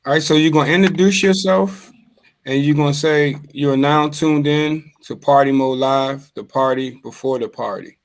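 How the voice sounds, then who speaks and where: A man co-hosting a radio talk show, chatting in a relaxed, easygoing way. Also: a little high, moderate pace. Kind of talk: casual talk show chat.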